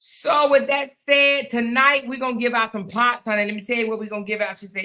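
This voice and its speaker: Bright-voiced woman in her fifties. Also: a little high, flat delivery, brisk, few pauses. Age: 50s. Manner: laughing, drawling Southern-Black-style endearments like honey and girl. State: has the hiccups. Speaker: livestream host. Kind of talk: casual livestream chat reading comments.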